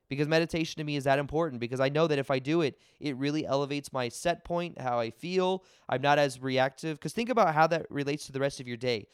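Energetic man with a smooth voice. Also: a little high, dry recording, studio quality. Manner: energetic, casual, with many fillers and restarts. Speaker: podcast host. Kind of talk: personal spiritual talk to listeners.

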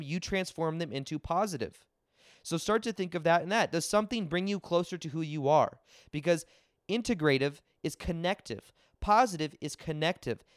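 A young man hosting a podcast, telling a personal spiritual story in an energetic, casual way with many fillers and restarts. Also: a little high, dry recording, studio quality. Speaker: podcast host. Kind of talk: personal spiritual talk to listeners.

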